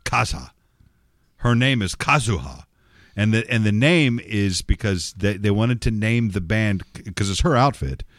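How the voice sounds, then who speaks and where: Male radio host, low voice, rambling chatty storyteller, dry studio sound. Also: normal speed, hardly any pauses, no room sound. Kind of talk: casual radio chat.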